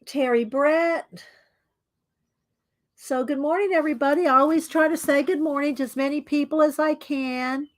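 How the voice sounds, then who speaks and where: A woman's voice: sits high, steady tone, moderate pace. A middle-aged woman hosting a live art stream, greeting viewers by name in a chatty way and laughing often.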